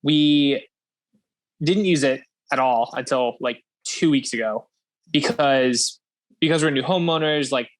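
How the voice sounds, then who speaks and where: A young man hosts a podcast, chatting casually and rambling along with lots of swearing and laughter. His voice is mid-range and unhurried.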